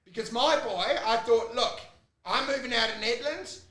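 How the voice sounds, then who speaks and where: A man, co-hosting a comedy podcast in an animated, laughing way. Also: extremely high pitch, moderate pace, roomy sound. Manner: animated, laughs through stories, acts out voices. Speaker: podcast co-host. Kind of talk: casual comedic chat.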